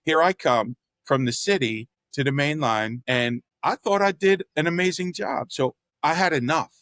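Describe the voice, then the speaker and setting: Guesting in a conversation, this artist and real estate developer from around Philadelphia spins candid, animated stories, voicing the people he quotes and swearing mildly. He speaks at normal speed in a higher-leaning voice, recorded without echo.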